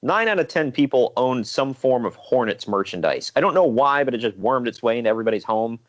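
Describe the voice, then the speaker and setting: A man co-hosting a podcast, casually recapping old wrestling shows in a rambling, relaxed way with fillers. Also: medium pitch, brisk, dull audio. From Ohio. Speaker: podcast co-host.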